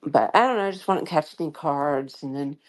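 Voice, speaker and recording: A woman's voice: sits low, fairly quick. A tired woman with a slight lisp, telling a story in rambling, chatty co-host talk. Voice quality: slight lisp from a dental tray. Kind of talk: casual chat.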